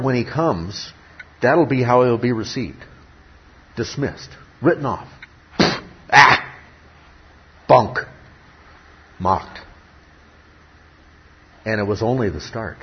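A man with a lowish, breathy-edged voice teaches from the Bible, repeating key words for emphasis and firing rhetorical questions at his listeners. The recording is dull and lo-fi, with faint ambience.

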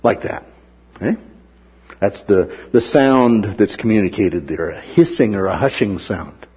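A man's voice: on the low side, measured pace, slightly rough, lo-fi sound. A man preaching a sermon who acts out the words of the people in the story. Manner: animated, acts out the characters' words.

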